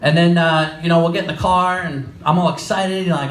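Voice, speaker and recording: A man's voice: fairly high pitch, fairly even intonation, brisk, a bit bright, echoey room, recorded from a distance, slight background noise, poor audio. A man in his twenties with a New York accent, performing a stand-up comedy set in a small club and animatedly acting out quoted lines.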